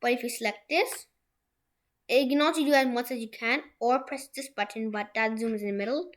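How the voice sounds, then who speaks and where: A young woman hosting a software tutorial from a room at home, talking it through in a rambling way with many restarts. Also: fairly high pitch, brisk. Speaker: tutorial host. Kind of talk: screen-share software tutorial.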